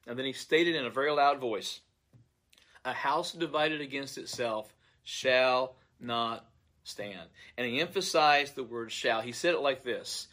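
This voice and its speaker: A man's voice: medium pitch, a bit bright. A man in a medium register tells of a dream without a script. He speaks earnestly, as a pastor would, and stumbles and repeats words while he searches for the right ones. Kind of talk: recounting a dream, unscripted monologue.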